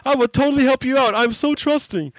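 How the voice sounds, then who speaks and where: A man doing a wide-eyed, trusting young man who sounds very high and fast as he gushes in a sing-song way. The figure is friendly to a fault. The recording is dry and a little dull. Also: fairly bright tone, dry recording. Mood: gushing.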